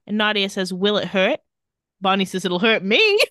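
Woman podcast cohost retelling tv scenes, lively up and down voice, dry close sound. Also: medium pitch, no echo. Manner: retells scenes with quick quoted lines and dry asides. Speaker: podcast co-host recapping a TV episode. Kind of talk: casual chat.

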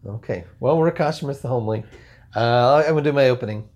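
A man's voice: mid-range voice, fast, a little mellow, dull audio. A male podcast host playing the straight man in a comedy bit, dry and patient with a growing note of exasperation. His voice sits mid-range and speaks plainly.

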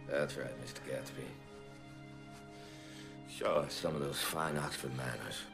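An actor playing a haughty, wealthy man who sneers at others and flares into shouting, in a film scene. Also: extremely low pitch, unhurried, creaky, over music, full character voice. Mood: mocking. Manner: scornful, bursts into shouting. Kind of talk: film drama acting.

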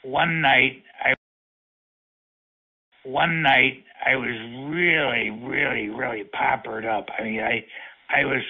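A man's voice: mid-range voice, steady tone, slow, vocal fry, long pauses, husky. A man making crude prank phone calls, rambling, stammering and talking lewdly. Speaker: prank caller. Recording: tinny phone line.

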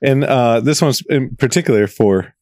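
A man's voice: mid-range voice, moderate pace, darkish tone, dry recording, studio quality. A man telling a story in casual podcast chat, swearing freely and acting out the voices in it. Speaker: podcast co-host.

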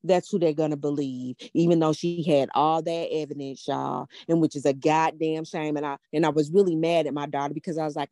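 A woman's voice: low voice, steady tone, fairly quick, hardly any pauses, dark tone, no room sound, clean studio sound. An older woman hosting a podcast, telling a story to a live audience in a blunt, profane, emphatic way and asking a lot of rhetorical questions. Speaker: podcast host.

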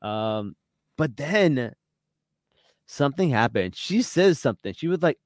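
Guy on a podcast recapping a dating show, laughs a ton, slow easy pace, super dry close sound. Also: medium pitch, dry recording. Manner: animated storytelling, laughs often, quick reenacted quotes. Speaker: podcast co-host. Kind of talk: casual recap chat.

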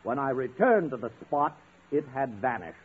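A man's voice: medium pitch, sing-song, moderate pace, slightly rough. An actor playing a stern, suspicious male school official who gives commands in a 1950s radio sitcom. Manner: commanding, interrogating. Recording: tinny old radio broadcast.

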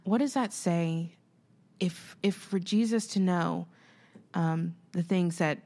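A woman with a Southern American accent co-hosting a casual Bible study talk. She searches for her words and speaks directly to listeners. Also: lowish voice. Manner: slow, searching for words, warm-hearted asides to listeners. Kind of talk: casual faith discussion.

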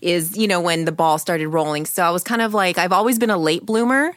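A woman's voice: on the low side, fairly quick, no room sound. Easygoing woman guest, chatty and dry. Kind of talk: casual podcast chat.

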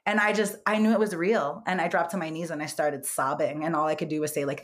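A woman's voice: on the low side, fairly quick, hardly any pauses. A woman being interviewed as a guest, telling a personal story in a candid, casual way and filling her speech with "like" and "you know.". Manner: candid, animated, heavy use of "like" and "you know". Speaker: guest psychic medium.

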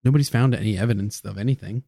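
A man's voice: fairly low pitch, rapid-fire, gravelly, mellow, no room sound, clean studio sound. A man co-hosting a casual podcast, chatty and joking in a laid-back way. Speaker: podcast co-host.

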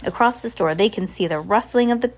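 A woman's voice: medium pitch, fairly quick. A woman reading a novel aloud in a casual way, with small slips and restarts. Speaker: reader.

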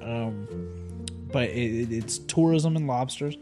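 With music playing underneath, a podcast co-host trades casual banter in a slow, medium-pitched voice. His talk rambles with jokey asides, and he often interrupts himself.

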